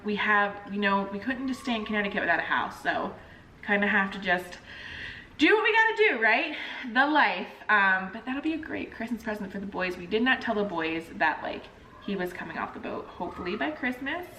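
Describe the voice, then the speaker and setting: A woman in her thirties chatting casually to camera as a vlogger, telling a story in an animated way and acting out the people in it. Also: medium pitch, brisk, slight background noise. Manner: animated storyteller, acts out quoted phone calls. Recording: roomy echo, mic at a distance.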